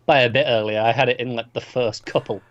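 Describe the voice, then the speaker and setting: A man co-hosting a movie discussion podcast, offering quick, wry, opinionated takes in casual chat. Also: mid-range voice, fairly even intonation. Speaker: co-host of a movie discussion show. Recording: slightly dull, lo-fi sound.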